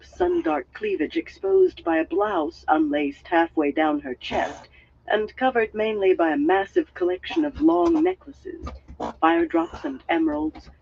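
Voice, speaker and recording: A man's voice: sits high, creaky, husky. A man reading a fantasy novel aloud on a live stream with a sing-song, swooping delivery. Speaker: audiobook reader. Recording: dull lo-fi stream audio.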